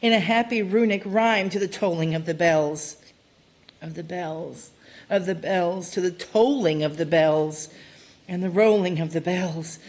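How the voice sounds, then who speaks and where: Slow, theatrical woman reciting poetry. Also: lowish voice. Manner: theatrical, swinging from loud cries to hushed murmurs. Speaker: poetry reader at a worship service.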